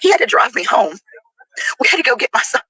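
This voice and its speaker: A woman with a husky voice tells a rambling personal story in a played clip, laughing as she goes. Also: on the high side, very animated, fast, pushed and bright, no echo, poor audio.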